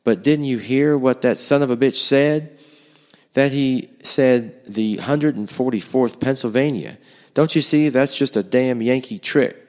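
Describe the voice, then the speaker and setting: A man putting on an excitable townsman with a hot temper, his voice pushed well above the performer's own low register. The indignant lines ring out in a hall with a long echo. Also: measured pace, lightly acted. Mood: furious. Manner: shouting, worked-up indignation.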